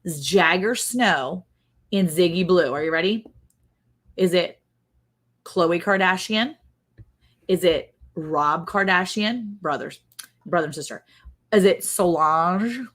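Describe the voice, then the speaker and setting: A woman with a fairly low voice hosts a relaxed livestream chat. She runs a guessing game, quizzes her co-host and reads out what viewers write. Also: takes it slowly, long pauses. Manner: quizzing a co-host and reading viewer comments aloud.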